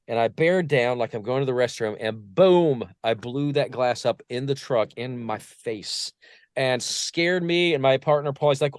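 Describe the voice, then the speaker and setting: Here's a Portsmouth man, a vocal coach, guesting on a podcast in a casual interview built around stories. His anecdotes are lively, and he imitates the people he quotes. He has a medium-pitched voice at a moderate pace, recorded dry in clean studio sound.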